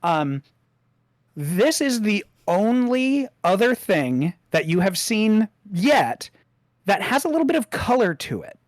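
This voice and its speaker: A game master running a tabletop role-playing game, describing scenes in a slow, meandering way. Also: mid-range voice, big pitch swings, dry recording, studio quality.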